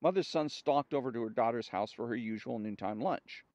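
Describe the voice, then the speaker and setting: A man reading a story aloud in a slow, measured way, with small slips now and then, on a dull dry recording. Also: mid-range voice, a little mellow, dry recording.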